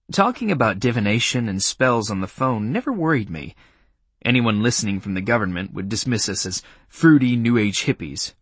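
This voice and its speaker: Husky, expressive male audiobook narrator. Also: on the low side, normal speed, no echo. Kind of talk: first-person audiobook narration.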